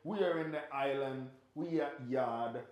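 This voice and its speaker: A man hosting an interview, enthusiastic and full of quick affirmations. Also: mid-range voice, a little mellow, reverberant. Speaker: host.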